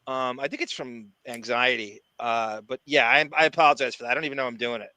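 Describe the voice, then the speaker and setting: Male podcast co-host: bright, dry close voice, chatty and profane. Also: medium pitch, steady tone, no room sound. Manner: quick, profane, self-interrupting, yawns. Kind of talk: casual chat.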